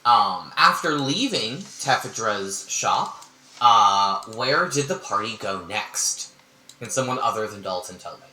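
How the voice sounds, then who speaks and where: A man running a tabletop game as game master, energetic and quick to swear as he teases his players. His voice is very bright and forceful. The sound is echoey, as if recorded in a bare room. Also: fairly low pitch, slight background noise. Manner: energetic, profane, teasing the players. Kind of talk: hosting and narrating a tabletop game.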